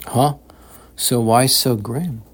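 A man's voice: mid-range voice, steady tone, slow pace, breathy edge. A man reading a kind old lighthouse keeper. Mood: gentle.

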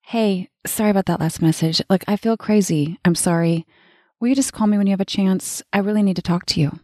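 A woman's voice: medium pitch, fairly quick, warm tone, no echo, studio quality, natural voice. A woman voicing an anxious, lovesick woman who leaves pleading voicemails for a man who does not call back. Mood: apologetic. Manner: pleading, then swearing in frustration.

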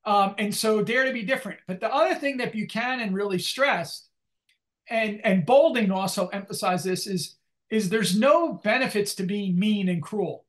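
An older male economics professor, speaking in a relaxed, rambling way as an interview guest, with many restarts and fillers. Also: high voice, moderate pace. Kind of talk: conversational interview.

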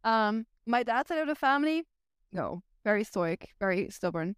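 Woman, Flemish accent, native Flemish speaker, slightly high voice, dry close sound, frank casual podcast chat. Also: expressive, normal speed, smooth, dry recording. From Belgium. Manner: chatty, uses "like" a lot, frank. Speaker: guest.

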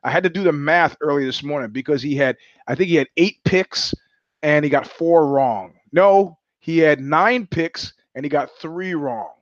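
A man's voice: on the high side, moderate pace, no room sound. Wry rambling man, dull lo-fi sound. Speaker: podcast host. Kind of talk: casual monologue commentary.

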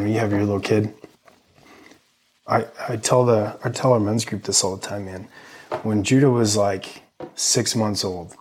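A man's voice: fairly low pitch, breathy edge. A man in his thirties, a podcast guest, talking earnestly and casually about faith with many fillers. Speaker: podcast guest, army medic veteran.

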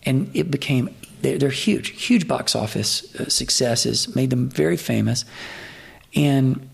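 Gravelly, husky man telling rambling stories. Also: medium pitch, measured pace. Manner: profane, rambling, animated anecdotes with many restarts. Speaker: guest, Hollywood fight coordinator and trainer. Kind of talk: casual storytelling in a podcast interview.

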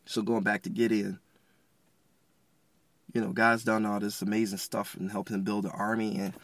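A man's voice: on the low side, little pitch movement, normal speed, a bit bright, no echo. A man hosting a podcast, giving a casual, rambling devotional talk full of slang and restarts. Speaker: podcast host.

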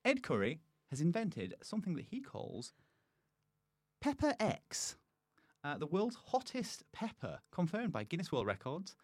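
A man's voice: sits high, huge pitch swings, a little slow, dry recording, studio quality. A man hosting a podcast in a playful, chatty way, often laughing. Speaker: podcast host. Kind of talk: casual chat.

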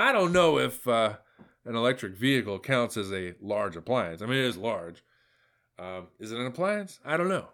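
A man's voice: on the low side, a bit bright. A male podcast host giving a casual, rambling solo monologue in a sardonic tone, with many asides. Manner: sardonic, meandering, full of fillers and asides.

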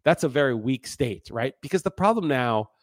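A man's voice: mid-range voice, lively intonation, normal speed, no room sound, studio quality. A man hosting a solo podcast, talking in a heated, profane, ranting way. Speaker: podcast host.

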